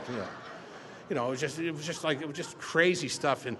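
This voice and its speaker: An older man telling his personal story to a recovery meeting, animated and repeating phrases for emphasis. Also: on the high side, fast talker, background noise. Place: meeting hall. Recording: roomy hall reverb, faint background ambience.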